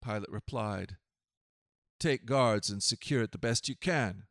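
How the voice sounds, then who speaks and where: A man reading scripture aloud and then preaching, in a solemn, measured way with dramatic swells. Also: on the low side, a bit bright, dry recording, clean studio sound.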